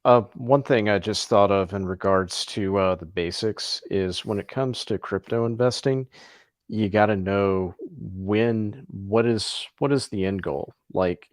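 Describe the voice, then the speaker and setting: A man talking in a casual podcast, measured and thoughtful with hesitant fillers. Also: on the low side, no room sound, clean studio sound.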